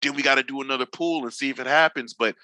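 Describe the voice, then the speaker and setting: A drifting veteran from Northern California in his forties races through a casual podcast chat as a guest, telling slangy, profane stories and acting out what people said. His voice is medium-pitched and sharp, on poor audio with no echo.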